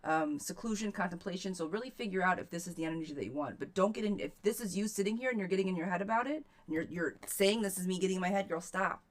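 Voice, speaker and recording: A woman's voice: mid-range voice, lively intonation, quick pace, few pauses. A woman hosting a live tarot reading stream, chatting casually and encouraging her viewers, recorded on a webcam mic at home. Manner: chatty and encouraging, addresses viewers as girl and sweetheart.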